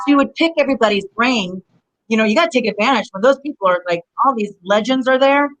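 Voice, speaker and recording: A woman's voice: fairly high pitch, fast, a little hiss or hum, poor audio. Chatty woman spinning rambling stories. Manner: rambling, animated, heavy use of "you know". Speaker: guest, former pro wrestler. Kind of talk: casual interview storytelling.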